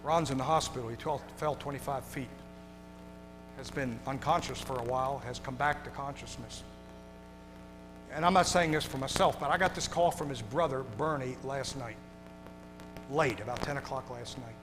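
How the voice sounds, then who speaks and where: A male pastor preaching a sermon to his congregation, moving from hushed, tender passages to loud shouting. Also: medium pitch, moderate pace. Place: church sanctuary. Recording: long hall reverb with music behind.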